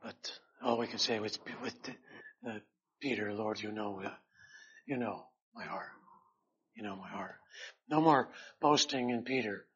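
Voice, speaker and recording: A man preaching a sermon in a slow, earnest way, rising loud and then dropping to a hush. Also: fairly low pitch, breathy edge, muffled recording.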